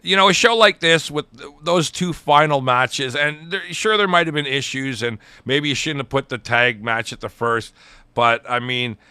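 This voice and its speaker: Middle-aged male co-host, eager casual reviewer, bright crisp tone. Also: mid-range voice, normal speed, dry recording. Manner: enthusiastic, retells promos in quoted voices. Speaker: podcast co-host. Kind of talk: casual wrestling review chat.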